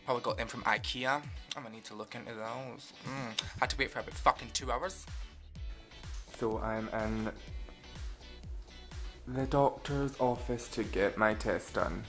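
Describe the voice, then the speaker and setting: A man's voice: medium pitch, moderate pace, a bit bright. Scottish man, vlogger, casual sarcastic narration, swears a lot, faint music behind. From Scotland. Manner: jokey, sarcastic, swears freely. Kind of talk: casual handheld vlog narration.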